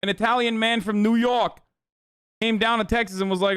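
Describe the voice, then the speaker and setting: A man's voice: high voice, normal speed, smooth, no echo. A male streamer giving casual, profane, rambling livestream reaction commentary. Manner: profane, animated, rambling riffs.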